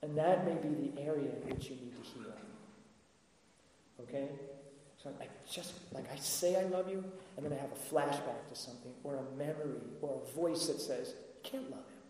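A man's voice: medium pitch, normal speed, dark tone, a little hiss or hum. Conversational male preacher in echoey hall. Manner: conversational, checks in with listeners often. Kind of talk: sermon. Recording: echoey hall with long reverb.

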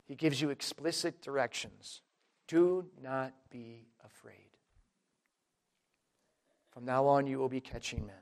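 A man preaching a sermon in an emphatic, conversational way, talking straight to the listeners and swinging between loud and quiet. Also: medium pitch, steady tone, unhurried, long pauses. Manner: addresses listeners directly as folks.

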